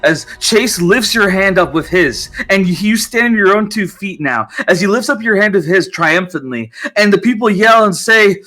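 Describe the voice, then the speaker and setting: A man narrating as game master of a tabletop game, telling the story with lively energy. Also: high voice, moderate pace, hardly any pauses.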